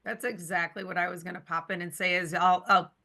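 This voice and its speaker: A woman's voice: lowish voice, level tone, brisk, sharp tone. A woman co-hosting a company podcast, speaking in an upbeat, enthusiastic, casual way. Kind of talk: casual promotional chat.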